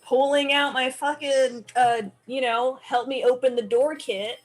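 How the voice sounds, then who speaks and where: A woman's voice: sits high, fairly even intonation, measured pace, soft background music. A woman player in a tabletop game, playful and joking, swearing freely. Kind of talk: tabletop role-play, casual chat.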